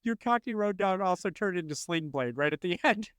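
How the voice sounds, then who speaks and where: A man co-hosting a casual podcast chat, animated and quick to laugh. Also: clear, resonant tone, dry recording. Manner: animated, laughing, swings in pitch. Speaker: podcast co-host.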